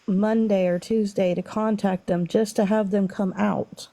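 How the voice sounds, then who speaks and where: Woman, mid-pitched voice, blunt, emphatic, casual live chat. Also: steady tone, a little slow, vocal fry, mellow.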